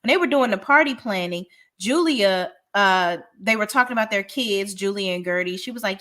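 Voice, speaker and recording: A woman's voice: medium pitch, normal speed, few pauses, a bit bright. A woman giving a casual, blunt and profane recap of a reality show, often restarting her sentences as she talks. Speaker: reality TV reviewer.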